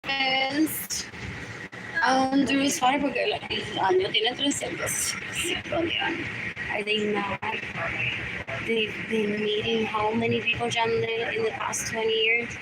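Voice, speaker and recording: A woman with a high voice rambles unhurriedly through a live stream on her phone, circling back to the same questions and drifting between English and Spanish. Loud traffic and passing vehicles fill the background. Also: measured pace. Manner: meandering, repeats herself, switches between English and Spanish. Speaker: livestreamer.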